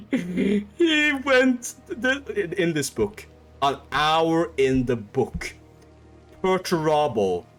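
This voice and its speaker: Young male streamer, rambling and animated, faint music under him. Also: a little high, drawn-out words, pauses often. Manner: rambling, heavy on filler words and swearing. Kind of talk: comedic casual retelling.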